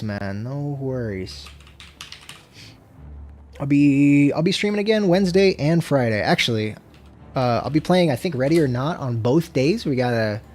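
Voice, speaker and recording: Lively, foul-mouthed gaming streamer. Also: medium pitch. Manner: swears freely, frustrated outbursts; laid-back, talks to chat. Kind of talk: casual gameplay livestream chat.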